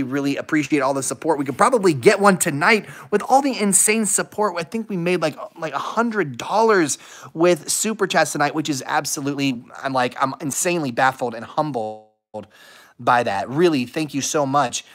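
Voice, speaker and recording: A man hosting a casual dog-training livestream, upbeat and energetic, chatting with viewers and praising his dog. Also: fairly high pitch. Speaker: dog-training channel host.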